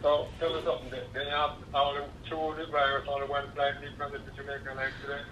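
A father on a phone video call asking halting questions and repeating words. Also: medium pitch, completely flat delivery, sharp tone. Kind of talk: casual video call chat. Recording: noisy phone call audio.

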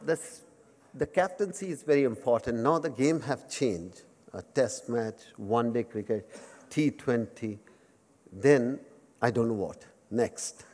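In a large lecture hall with lengthy reverb, a guest speaker at a memorial lecture, an Indian-accented man in his fifties, jokes about himself before a live audience, mixing Hindi into simple English. His voice is mid-range and darkish in tone.

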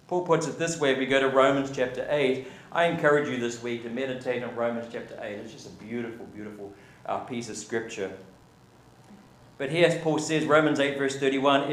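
A man preaching a sermon as pastor, building to emphatic peaks and asking the congregation questions. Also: on the high side. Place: church sanctuary. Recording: echoey church room.

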